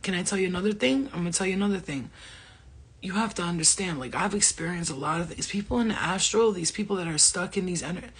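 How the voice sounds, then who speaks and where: A woman's voice: on the low side, fast, breathy edge. A middle-aged woman talking casually as a spiritual medium, laughing often, swearing and speaking animatedly. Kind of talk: casual livestream talk.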